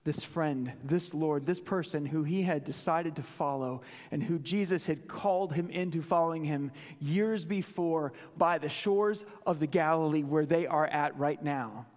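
A male pastor with a fairly high voice delivers a sermon, pressing points home with repeated phrases. He drops suddenly to a near hush to land key moments. His words ring out with a long tail of reverb in a large church hall. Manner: dramatic, drops to a hush for emphasis.

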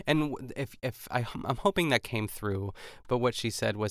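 A man's voice: mid-range voice, expressive, takes it slowly, a bit bright, dry recording, clean studio sound. A man hosting a podcast, talking in a rambling, chatty way with lots of fillers. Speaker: podcast host. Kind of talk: casual podcast recap chat.

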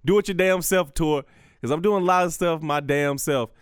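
A young man, a stand-up comedian, rambles to camera with cursing and stammered restarts. His voice sits fairly high and sounds smooth and resonant, recorded close and dry. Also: moderate pace, no echo. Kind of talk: casual talk to camera.

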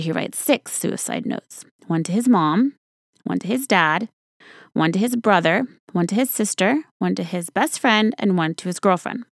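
Woman storyteller, gravelly edge, conversational, talks straight to the listener, dry sound. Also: mid-range voice, no echo. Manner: conversational, casual swearing, addresses listener directly. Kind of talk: storytelling monologue.

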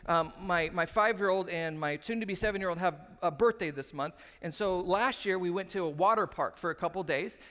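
A man in his thirties preaching a sermon as pastor, telling stories in an animated way and acting out the quotes. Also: high voice. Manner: animated storytelling, acts out quotes. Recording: long reverb of a large room.

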